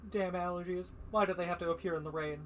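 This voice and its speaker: A man's voice: sits high, steady tone, fast talker, a bit bright, slight background noise. A man streaming a visual novel, reading every character's lines and the narration himself, stumbling now and then and adding his own asides.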